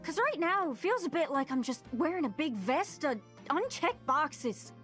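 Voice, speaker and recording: A woman's voice: high-pitched, sing-song, normal speed, fairly bright tone, soft background music. An actress voicing a chatty, lonely globe woman in a video game, with a Newfoundland accent and a rambling, folksy, over-eager way of talking. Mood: chatty wistful. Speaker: game character.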